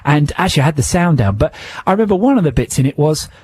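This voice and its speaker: Husky-voiced male radio co-host. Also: on the high side, expressive, fast talker, darkish tone, no room sound. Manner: wry, storytelling, mocks films. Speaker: co-host, filmmaker. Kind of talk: casual radio chat. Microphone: studio microphone.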